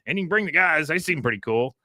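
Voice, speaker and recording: A man's voice: fairly high pitch, animated, fast, bright, forceful tone, a little hiss or hum, pitched above the performer's own voice, poor audio. A man voicing an earnest, uptight middle-aged father.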